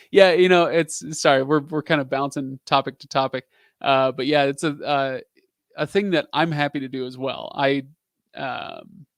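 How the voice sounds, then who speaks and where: A man's voice: medium pitch, dry recording, studio quality. A man in his thirties hosting a casual live stream, answering viewer questions in a rambling, chatty way with lots of fillers.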